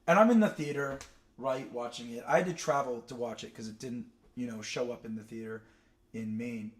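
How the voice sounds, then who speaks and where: A young male streamer ranks cartoon characters in a casual chat, speaking fairly quickly at an average pitch. He tells loose, rambling stories that digress constantly and are thick with fillers.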